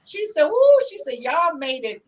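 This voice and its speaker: A middle-aged woman hosting a talk podcast. She reads out viewer comments in a lively, casual way and keeps calling people "honey". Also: high-pitched, normal speed, muffled recording. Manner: lively, calls listeners "honey", Southern-style US slang. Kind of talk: casual chat.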